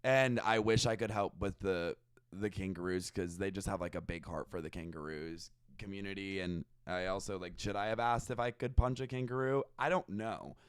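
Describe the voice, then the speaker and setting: A man's voice: deep voice, normal speed, smooth, dry recording, studio quality. A young adult man hosting a podcast, chatting casually in a sarcastic, profane, gossipy way. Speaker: podcast host. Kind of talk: casual comedic chat.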